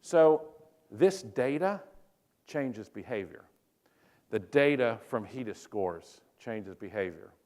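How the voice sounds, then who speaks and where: A man's voice: mid-range voice, animated, slow pace, darkish tone. Joking man giving a conference talk. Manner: joking storyteller who questions the audience. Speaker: physician speaker.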